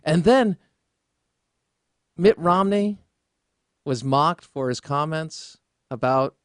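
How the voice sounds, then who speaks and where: A man's voice: mid-range voice, clean tone, dry recording, clean studio sound. A man hosting a political talk radio show, combative and sarcastic, rambling through asides. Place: radio studio.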